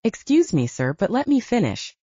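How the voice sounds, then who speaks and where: A woman voicing a proud, ambitious young woman lawyer who speaks in a crisp, assertive courtroom manner, in a slightly muffled lo-fi recording. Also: medium pitch, very animated, moderate pace, dark tone, dry recording, voice pushed up. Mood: firm.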